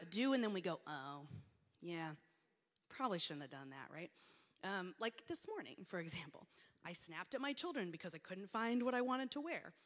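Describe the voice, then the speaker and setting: A woman's voice: on the high side, a bit bright. A middle-aged woman giving a conversational sermon, telling self-deprecating stories and acting out her own reactions. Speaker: preacher. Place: church sanctuary. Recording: long hall reverb.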